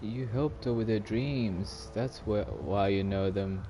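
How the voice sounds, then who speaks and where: A man playing a video game, talking quietly to himself and thinking aloud between moves. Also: fairly low pitch, slow, over music. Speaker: gamer. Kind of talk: let's play commentary. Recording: noisy home recording.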